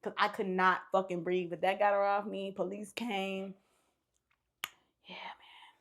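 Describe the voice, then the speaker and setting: A young woman guesting on a podcast, retelling a story in a casual, slangy way with a lot of swearing and loud, shouted bursts. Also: mid-range voice, little pitch movement, moderate pace.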